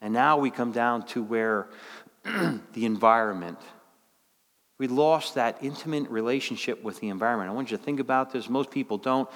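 A man preaching a sermon in a folksy, conversational way, dropping low and quiet, then climbing high and loud. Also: moderate pace, in a large hall.

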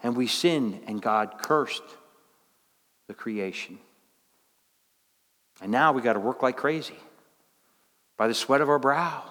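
A man preaching a sermon in a folksy, conversational way, dropping low and quiet, then climbing high and loud. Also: slow pace, pauses often, big-room sound.

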